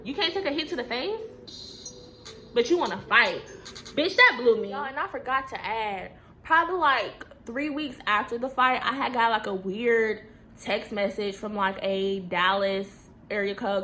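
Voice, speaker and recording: A young woman telling a storytime vlog in a blunt, profane, animated way. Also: on the high side. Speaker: vlogger.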